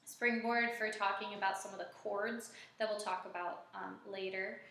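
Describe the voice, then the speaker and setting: A woman's voice: mid-range voice, steady tone, moderate pace, vocal fry, sharp tone. A woman music teacher giving a casual teaching demo, talking chattily with many fillers and singing short solfege patterns. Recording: very echoey room.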